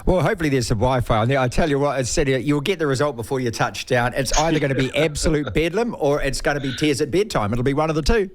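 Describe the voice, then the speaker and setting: A man's voice: medium pitch, fast talker, few pauses. A man hosting a radio sports show, chatting casually and animatedly with his guest, often calling him mate. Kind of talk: casual radio interview chat.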